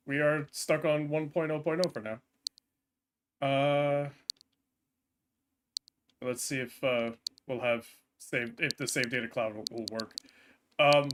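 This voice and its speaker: A man's voice: on the high side, a little slow, pauses often, slight background noise. A man chatting casually on a live stream, hesitant with frequent ums and restarts.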